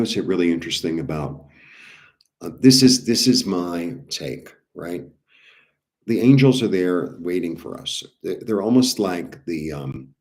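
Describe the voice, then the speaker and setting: Low-voiced man rambling about healing. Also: darkish tone. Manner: rambling, with many fillers and bursts of laughter. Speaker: spiritual healer. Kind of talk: casual spiritual teaching.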